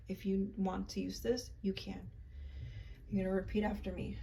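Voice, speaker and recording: A woman's voice: mid-range voice, creaky, darkish tone. A woman vlogger casually explaining a ritual in a chatty, rambling way with lots of fillers. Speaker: spiritual vlogger. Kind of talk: casual instructional chat. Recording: voice a bit far from mic, faint room noise.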